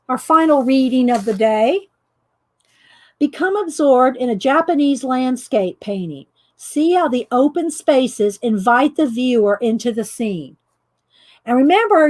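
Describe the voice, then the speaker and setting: A woman with a Southern US accent hosting a casual live stream, chatty and laughing often as she talks to viewers by name. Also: sits high. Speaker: channel host reading prompts to live viewers.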